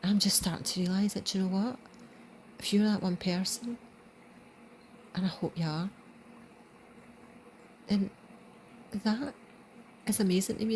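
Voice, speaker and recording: A woman with a Scottish accent giving an earnest spiritual reflection, dropping into soft whispers for emphasis. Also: mid-range voice, a little slow, long pauses, slight background noise. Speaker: channel host.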